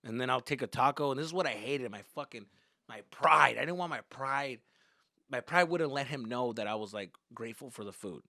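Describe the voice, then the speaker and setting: A man who is a comedian and podcast host, telling stories in an animated, profane, casual way. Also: medium pitch, fairly quick, vocal fry, dry recording, clean studio sound. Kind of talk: comic storytelling.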